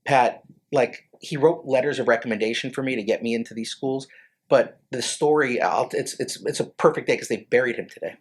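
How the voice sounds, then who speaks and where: A man in his forties, a lawyer and podcast guest, telling personal stories in a casual, halting way with many restarts. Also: mid-range voice. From Connecticut, USA. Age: 40s. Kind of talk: casual storytelling interview.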